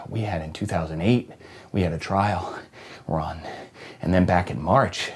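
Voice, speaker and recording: A man hosts a comedy show with a husky, fairly low voice. His monologue is profane and conspiratorial. He drops to near-whispers and then bursts into loud, manic shouting.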